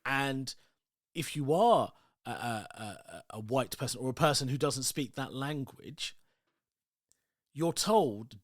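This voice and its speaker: A man's voice: mid-range voice, big pitch swings, unhurried, pauses often, no room sound, clean studio sound. A man, hosting his own podcast as a loose, rambling solo monologue full of asides. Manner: rambling, chatty, many asides and "like"s. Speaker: podcast host.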